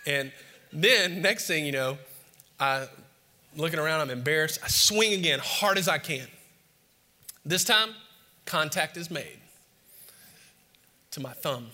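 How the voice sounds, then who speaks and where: A man from the States, preaching a sermon as an animated, self-mocking storyteller before a live audience. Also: on the high side, unhurried, pauses often, in a large hall. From Southern United States.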